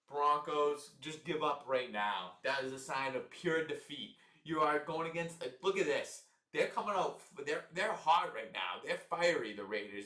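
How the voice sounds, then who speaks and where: A young man does casual live play-by-play for his stream, his bright, forceful voice bouncing around an echoey room. He grows more frustrated as he goes, swearing freely and breaking into loud outbursts. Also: a little high, distant mic. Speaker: livestream commentator. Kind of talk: casual live game commentary.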